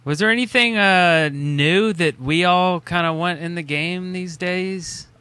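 Male podcast co-host, sharp bright voice, agreeable manner. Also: high-pitched, unhurried, clean tone, no echo. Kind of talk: casual chat.

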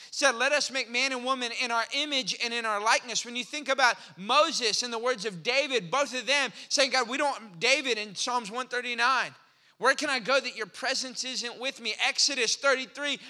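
A man with a very high, very bright voice preaches a sermon in an animated, playful way. He sometimes slips into mock back-and-forth with his listeners. His voice rings through a large church hall with a long reverb. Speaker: pastor.

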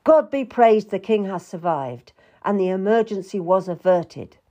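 A woman's voice: mid-range voice, lively intonation, measured pace, mellow, lo-fi sound, lightly acted. A woman voicing a stern, impatient middle-aged duke who talks in a brusque, dismissive way. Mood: curt.

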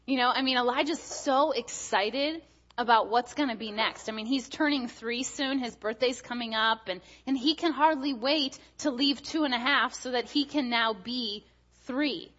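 A woman in her thirties delivers a sermon as a guest speaker. She talks in a chatty, storytelling way, full of fillers and restarts. Her voice is bright and forceful, and the recording sounds dull and lo-fi. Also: a little high, moderate pace.

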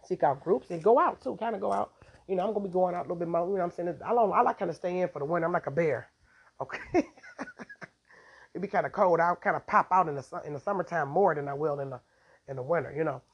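A woman's voice: fairly low pitch, fast talker, husky. A woman hosting a podcast, giving a casual, rambling devotional talk and laughing often, on a dull lo-fi recording.

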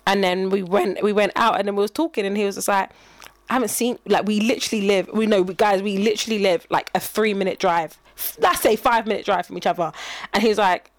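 A woman's voice: medium pitch, fairly even intonation, quick pace, no echo. A young woman chatting casually, telling stories and acting out the people in them with lots of laughter. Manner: laughing storyteller, acts out quoted lines. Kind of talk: casual chat.

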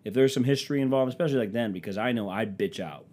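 A young man chatting casually and comically as a podcast host, rambling and swearing, with quick dips into silly voices. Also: mid-range voice, darkish tone. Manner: rambling, profane, slips into silly quoted voices. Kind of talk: casual comedic chat.

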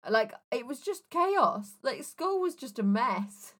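Young woman, bright forceful voice, blunt and sweary, casual podcast chat. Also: sits high, big pitch swings. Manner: blunt, sweary, quick to laugh. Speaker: podcast co-host.

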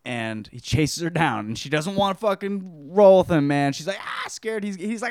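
A man's voice: a little high, expressive, normal speed, few pauses, no room sound, clean studio sound. A man hosting a podcast who gives a rambling, crude and profane book review. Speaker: podcast host.

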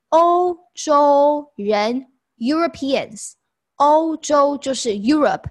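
Woman, teacher, raised pitch, patient, repeats phrases slowly. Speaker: language teacher. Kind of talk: explanatory lesson.

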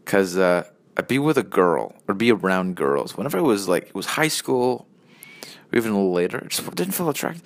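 Very animated and brisk, a fairly low-voiced man in his early twenties delivers a solo vlog monologue. It's profane and meandering, and he cuts himself off often.

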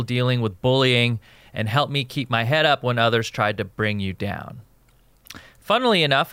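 Bright-voiced joking male podcast host. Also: medium pitch, clean tone, no room sound. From Jordan. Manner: joking, rambling, swears freely. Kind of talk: casual podcast banter, reading listener emails. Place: recording studio in Los Angeles.

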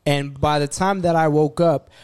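A man telling a rough story in casual group chat, frank and profane. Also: fairly high pitch, steady tone, moderate pace, darkish tone, dry recording, studio quality. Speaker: podcast guest telling a story.

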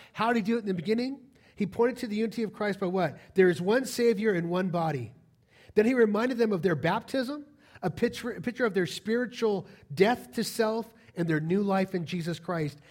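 A man with a notably high voice preaches to his congregation in a church. He talks in a lively, direct way and keeps asking his listeners rhetorical questions. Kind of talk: sermon.

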